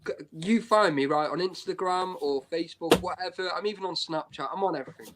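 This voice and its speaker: A man's voice: high voice, quick pace, background noise. A man talking bluntly and openly in a casual live-stream chat, full of "you know" and "right".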